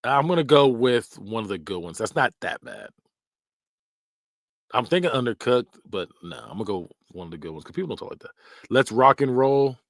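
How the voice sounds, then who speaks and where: A man's voice: fairly low pitch, a little fast, creaky, no echo, clean studio sound. Laughing man reacting on a podcast. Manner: laughs often, animated and joking. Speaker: podcast host. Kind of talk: casual reaction commentary.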